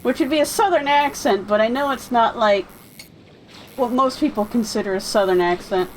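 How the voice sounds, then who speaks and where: A woman's voice: a little high, moderate pace, a little hiss or hum, low-quality recording. A woman from the United States giving rambling, chatty commentary while streaming a fishing game. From United States (California and Florida). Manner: rambling, chatty, self-deprecating. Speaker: let's play streamer. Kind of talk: casual gameplay commentary.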